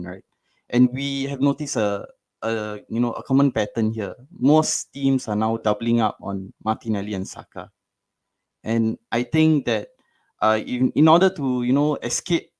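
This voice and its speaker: A man calling into a phone-in, giving an analytical breakdown with many hesitations and fillers. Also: mid-range voice. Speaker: caller.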